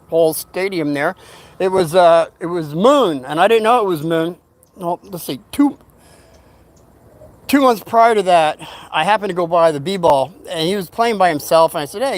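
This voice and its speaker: An older man casually telling a rambling story from his youth, acting out what people said. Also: sits high. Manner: rambling, animated retelling with acted-out quotes.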